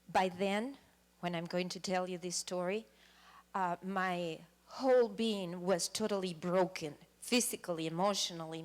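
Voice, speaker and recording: A woman giving an earnest personal testimony in a church talk, emphatic at times and hesitating with fillers. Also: on the low side. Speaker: guest speaker sharing testimony.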